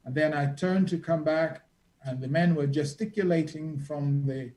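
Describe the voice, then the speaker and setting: A man's voice: on the high side, moderate pace, a little mellow, poor audio. A man, a reporter and guest, telling vivid stories from his travels in a dramatic, conversational way. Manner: vivid, dramatic storyteller acting out quotes. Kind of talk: storytelling in a conversation.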